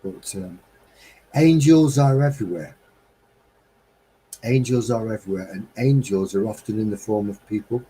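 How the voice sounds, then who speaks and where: A man's voice: on the low side, moderate pace, pauses often, warm tone, a little hiss or hum, poor audio. A middle-aged man from England hosting a live stream, musing in a heartfelt, rambling, wistful way. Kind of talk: reflective casual monologue.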